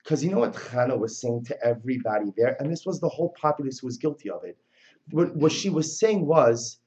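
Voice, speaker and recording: A male religious teacher giving a passionate lecture on religious texts, telling the story dramatically and moving between loud and soft. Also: medium pitch, expressive, fairly quick, muffled recording.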